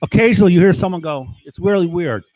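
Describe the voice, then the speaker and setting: A man's voice: sits high, fast talker, a little mellow, no echo, rough recording. A man talking in a rambling, agitated monologue, cursing freely and keeping on asking "right?". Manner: agitated, profane, rambling and conspiratorial.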